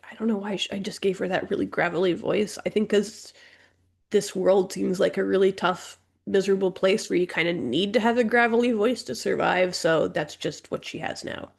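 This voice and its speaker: Woman reading a book out loud and roasting it, jokey and sarcastic, kinda gravelly voice. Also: mid-range voice, fairly even intonation, moderate pace. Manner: joking, sarcastic, self-mocking. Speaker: book reaction youtuber. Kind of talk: reading aloud with comic asides.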